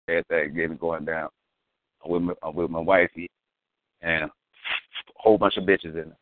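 A man's voice: rumbling low, no room sound. A man telling a rambling, profane, slang-heavy story with philosophical asides. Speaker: storyteller guest. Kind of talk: casual storytelling. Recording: tinny phone-like, dry.

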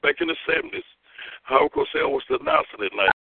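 A man calling into a phone chat line, talking in a rambling, repetitive way and shouting taunts. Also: on the high side, wildly swooping pitch, fast talker, phone-quality sound, a little hiss or hum.

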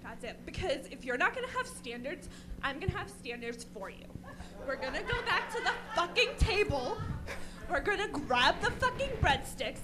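A woman's voice: high voice, very animated, normal speed, music in the background, crowd noise. A woman voicing a bossy, no-nonsense young female friend who gives firm, swearing orders. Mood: commanding. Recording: loud background noise on a call.

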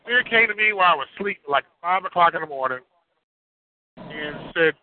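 A man calling in from his truck while driving, telling a rambling, halting story. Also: on the high side, lively intonation, a little hiss or hum. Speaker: caller. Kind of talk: casual phone comment. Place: truck on the road. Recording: tinny phone line from a moving truck.

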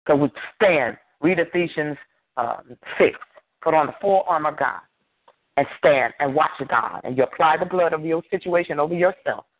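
A man's voice: fairly high pitch, normal speed, no echo. Fervent male pastor preaching on a tinny line. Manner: emphatic preaching with repeated phrases and call-and-response. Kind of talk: sermon. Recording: tinny phone-like dry sound.

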